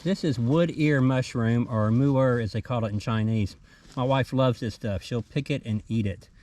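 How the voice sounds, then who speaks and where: On a low-quality recording, a middle-aged man with a Southern US accent vlogs his forest hike, casually calling out things he notices along the trail. His mid-range voice has a darkish tone and moderate pace, and his manner is easygoing and enthusiastic about little finds.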